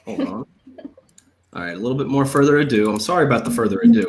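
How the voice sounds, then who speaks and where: A man's voice: medium pitch, animated, quick pace, background noise. A young man hosting a live online talk show with a desktop microphone, joking and rambling in a self-mocking way. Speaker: host.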